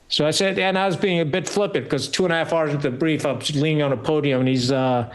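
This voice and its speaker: A man in his sixties, a retired officer, telling his story as a podcast guest in a blunt, salty way, with frequent pauses and fillers. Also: on the high side, steady tone, clear, resonant tone. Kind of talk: candid storytelling interview.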